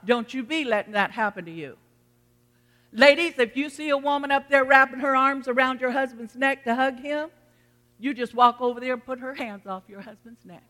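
A pastor delivers a sermon with a folksy, earnest storytelling manner, speaking straight to the congregation. The voice is bright and forceful. A long hall reverb trails behind every phrase. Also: sits high, normal speed.

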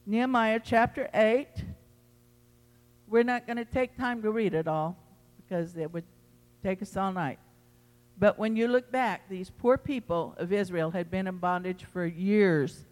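A pastor preaching a sermon to his congregation in an impassioned, emphatic way, swinging between loud pleading and quiet teaching. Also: high voice, moderate pace, long reverb tail. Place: church sanctuary.

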